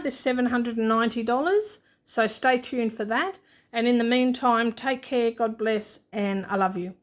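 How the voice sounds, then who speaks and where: An Australian woman chatting casually to her viewers as she counts cash out loud, with plenty of ums along the way. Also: fairly high pitch. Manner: chatty, counts money aloud, many fillers. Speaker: budgeting channel host. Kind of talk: casual unscripted chat while counting cash.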